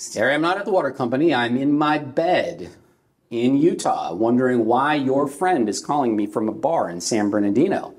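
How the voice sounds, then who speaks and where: A man's voice: medium pitch, animated, normal speed. A middle-aged man from California preaching a sermon, telling a personal story and acting out the voices in it. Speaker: pastor.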